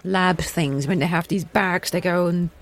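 A woman's voice: fairly low pitch, measured pace, a little hiss or hum. Woman reading a story aloud, chatty co-host. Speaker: podcast co-host and story reader. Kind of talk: casual chat and story reading.

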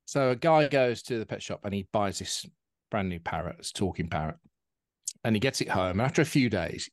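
A man co-hosting a podcast, chatting casually and telling jokes with lively anecdotes. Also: on the low side, no echo, studio quality. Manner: chatty, animated anecdotes with put-on voices. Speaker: podcast co-host. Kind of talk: casual chat and joke telling.

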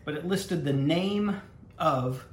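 A man's voice: a little high, takes it slowly. A man co-hosting a podcast, teasing his partner and telling history anecdotes in a wry, casual way. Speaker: podcast co-host. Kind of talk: casual chat. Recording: roomy with faint noise.

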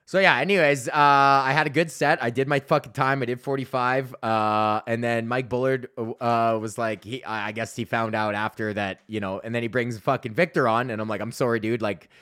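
A man in his thirties tells comedy-road stories on his podcast, rambling and swearing freely and laughing at his own jokes. His voice sits at an ordinary middle pitch. It is recorded close and very dry, with no room sound. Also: steady tone, normal speed, few pauses, pushed and bright, clear, resonant tone, no echo. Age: 30s. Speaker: podcast host and stand-up comedian. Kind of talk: casual storytelling monologue.

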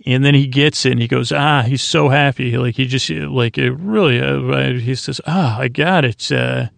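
Gravelly, flat-voiced man rambling sleepily. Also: moderate pace, no echo. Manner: rambling, hesitant, many fillers and restarts; low-key, drowsy delivery. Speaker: podcast host. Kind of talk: sleep podcast episode recap.

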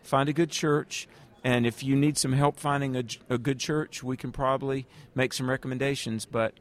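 This guest evangelist is a man with a steady, medium-pitched voice and a moderate pace. In an interview, he shares earnest stories aimed directly at the listener.

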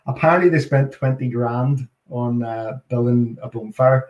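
A man's voice: medium pitch, moderate pace, dull audio. Northern Irish man on an echoey call. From Northern Ireland. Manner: laid-back, matey, says "mate" a lot. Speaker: podcast co-host calling in remotely. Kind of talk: casual podcast chat.

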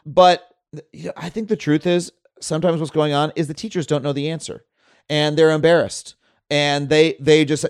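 A man from Long Island, telling stories in an energetic casual conversation and laughing often as he hosts. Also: a little high, brisk. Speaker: host.

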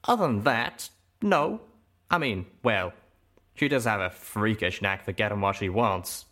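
A man voicing a boastful male pegasus pony gunslinger who talks in a folksy drawl, animated and emphatic. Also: lowish voice, measured pace. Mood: defensive.

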